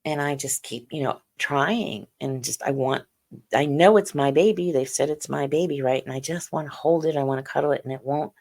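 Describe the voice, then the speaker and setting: A middle-aged woman telling her personal story as an interview guest, halting and earnest, with many "you know"s. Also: low-pitched, a little mellow. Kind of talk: personal account in a podcast interview.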